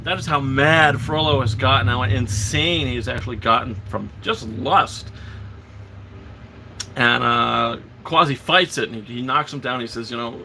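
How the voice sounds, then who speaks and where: A man hosting a live show, excitedly retelling a film's plot in a rambling, casual way, quoting the characters as he goes. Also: mid-range voice, measured pace, vocal fry, slight background noise. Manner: excited, rambling retelling full of fillers and restarts; quotes characters in passing. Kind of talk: casual film recap on a livestream.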